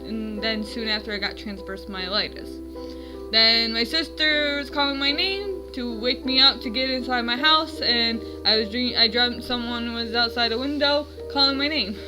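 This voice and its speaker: A woman's voice: a little high, poor audio. A woman in her twenties at home, telling her dreams in a rambling, self-correcting casual vlog. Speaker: vlogger.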